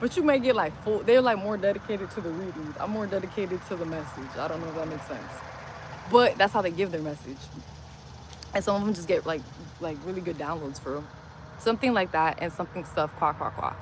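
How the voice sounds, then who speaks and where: This woman's voice sits on the low side, and she speaks a little fast. She's outdoors next to a street, streaming live on her phone in a loose, rambling chat full of "like." Heavy street noise comes through the recording.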